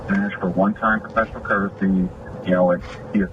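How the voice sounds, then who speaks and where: Aggrieved deputy in muffled, noisy footage. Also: male voice, sits low, little pitch movement, fast talker. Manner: aggrieved, retelling a confrontation with quoted dialogue. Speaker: sheriff's deputy. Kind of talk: venting in a recorded police video. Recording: muffled lo-fi video with loud background noise.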